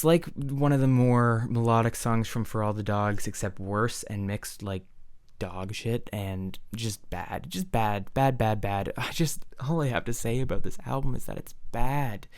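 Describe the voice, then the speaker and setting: A man's voice: on the low side, a little mellow, clean tone, dry recording, studio quality. A man giving a sarcastic, blunt rant reviewing an album, with many fillers. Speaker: music reviewer. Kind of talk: casual rant.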